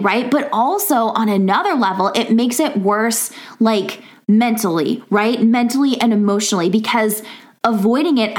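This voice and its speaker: A woman in her thirties hosting a podcast, giving a casual pep talk from home, chatty and laughing often with lots of filler words. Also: medium pitch. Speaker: podcast host. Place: home in a rural area.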